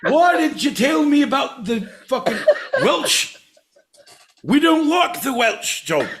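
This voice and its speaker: A man voicing a rowdy, excitable Scottish character with a Scottish accent in an improvised comedy bit, insistently repeating the listener's name. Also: lowish voice, slow pace, pitched below the performer's own voice. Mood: outraged.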